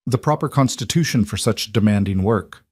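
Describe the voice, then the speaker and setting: Audiobook villain: man doing a scornful, haughty society lady, sneering with fake sympathy, lifted voice over a low dry base. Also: moderate pace, a little mellow, no echo, lightly acted.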